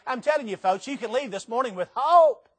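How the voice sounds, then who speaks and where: Older male preacher, high-pitched, emphatic sermon delivery, live church audience. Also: lively intonation, brisk, husky. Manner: emphatic, dramatic swings in pitch and volume.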